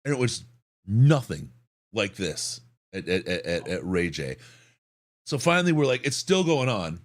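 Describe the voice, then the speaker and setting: Animated, hoarse male podcast co-host with a lot of pitch swing. He tells stories excitedly and repeats words. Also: measured pace. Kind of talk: excited storytelling.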